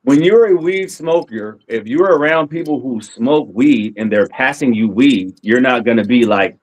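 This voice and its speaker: A man's voice: medium pitch, animated, normal speed, low-quality recording. A man on a podcast in casual chat, interjecting and giving his opinion in an agreeable way. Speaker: podcast co-host or guest.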